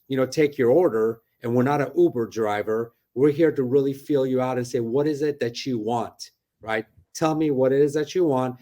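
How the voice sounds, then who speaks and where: Speaking in a mid-range, slightly mellow voice, a middle-aged man who works as a real estate broker chats with energy during a casual interview. He's on a video call from his office and keeps tacking "right?" onto what he says.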